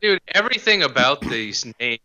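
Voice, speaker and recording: A man's voice: on the high side, very animated, moderate pace, sharp tone, rough recording. A man co-hosting a podcast, joking crudely and mocking himself in casual chat. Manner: self-mocking, crude humor. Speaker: podcast co-host.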